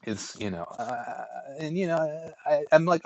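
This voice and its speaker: Speaking at a measured pace in a voice on the high side, a man co-hosting a podcast tells a long, meandering story, restarting often, leaning on fillers, and animating his retellings. There's no room sound, but the highs are cut off.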